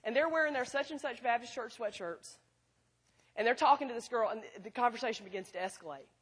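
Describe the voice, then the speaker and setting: A middle-aged woman giving an animated, folksy sermon, telling stories to a school audience. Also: on the high side, fast, breathy edge. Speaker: speaker at a school chapel. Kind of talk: sermon with storytelling.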